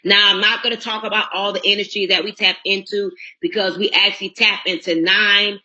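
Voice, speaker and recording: A woman giving a blunt, preachy motivational sales pitch on a conference call. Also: fairly even intonation, fairly quick, pushed and bright, highs cut off. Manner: blunt, preachy, talks straight to listeners. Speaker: network marketing recruiter.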